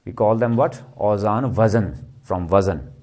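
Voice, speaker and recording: A man's voice: fairly low pitch, a little slow, darkish tone. A man giving a literature lecture, constantly asking the class rhetorical questions. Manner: keeps quizzing with rhetorical questions, tags "ji".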